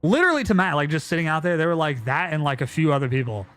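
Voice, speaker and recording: A man's voice: a little high, lively intonation, racing, fairly bright tone. A young man chatting casually on a live stream, telling a story in a rambling way with lots of fillers and swearing.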